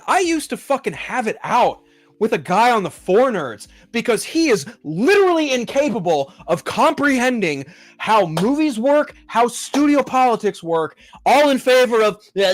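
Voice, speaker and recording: A man's voice: very high voice, very animated, normal speed. A man hosting a pop-culture show, ranting in a profane, exasperated and mocking way. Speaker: podcast host.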